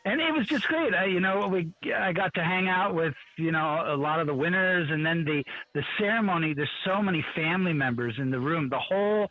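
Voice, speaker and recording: A man with a higher voice, telling stories with animation and acting out the people he quotes. The sound is dry and dull, with a narrow band, as if it came over a remote line. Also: brisk, hardly any pauses, no room sound. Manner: animated storyteller, acts out quotes. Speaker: guest, football writer. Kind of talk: storytelling in a radio interview.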